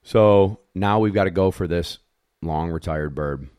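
A man who handles retriever dogs, telling a competition story in a casual, animated way, acting out the dogs and judges, blunt and swearing a little. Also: deep voice, unhurried, clean tone, no echo, studio quality.

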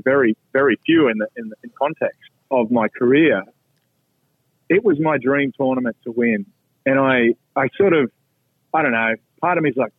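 A middle-aged Australian man, a podcast guest telling golf stories in a lively, blunt way with salty asides. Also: mid-range voice, normal speed, husky, dry recording. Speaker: podcast guest, pro golfer. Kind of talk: casual storytelling. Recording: tinny phone-like line, dry.

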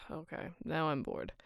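A woman's voice: background noise, lightly acted. A woman voicing a cold, bored female villain with a drawling delivery.

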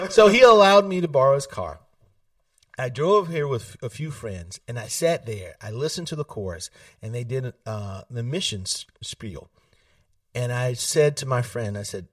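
A man, telling stories in an animated way, laughing often and acting out family voices. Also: mid-range voice, moderate pace, no echo, distant mic. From South Carolina. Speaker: political candidate, guest. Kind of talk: casual storytelling interview. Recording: dry sound, set back from the mic.

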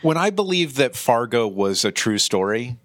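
A man co-hosting a casual podcast chat, animated and wry, musing aloud. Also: medium pitch, normal speed, dry recording, studio quality. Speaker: podcast co-host.

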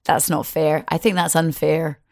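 A woman's voice: low-pitched, level tone, normal speed, vocal fry, darkish tone, no echo, studio quality. A middle-aged woman from Scotland with a Glaswegian accent, chatting at length and a little self-deprecating as a presenter being interviewed. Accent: Glaswegian Scottish. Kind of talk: casual interview chat.

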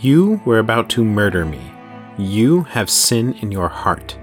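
A man voicing a possessed, murderous man bound to a demon, speaking with slow, gloating menace. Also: lowish voice, sing-song, soft background music. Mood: cold. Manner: slow, gloating menace with raised, strained outbursts.

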